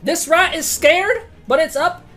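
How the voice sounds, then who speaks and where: Woman, game master, high voice, excitable, swears a lot, faint music behind. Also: a little slow. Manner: excitable, swears often, bursts of loud reactions. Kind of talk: excited tabletop game narration.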